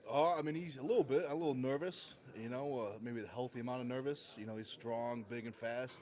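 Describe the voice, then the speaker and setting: A man's voice: mid-range voice, fairly even intonation, brisk, darkish tone. A man answering press questions in a laid-back, understated way, laughing them off. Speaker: fighter guest. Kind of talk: casual interview answers.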